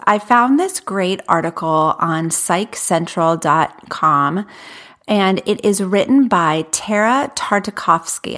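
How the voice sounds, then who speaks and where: A woman in her thirties talks straight to her podcast listeners with earnest, direct advice. She is candid about her own struggles. Her voice sits at an ordinary middle pitch. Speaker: podcast host. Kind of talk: podcast monologue.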